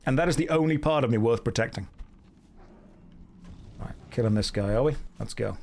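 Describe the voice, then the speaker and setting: A man's voice: mid-range voice, fairly quick, vocal fry, darkish tone. A man in his thirties chatting casually and joking with his chat while streaming a game. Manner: joking, self-mocking storyteller reacting to chat.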